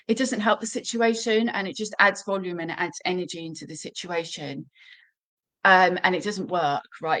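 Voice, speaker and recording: A woman's voice: lowish voice, a bit bright, low-quality recording. A woman dog trainer hosting a live question-and-answer stream, giving casual advice with many fillers and restarts.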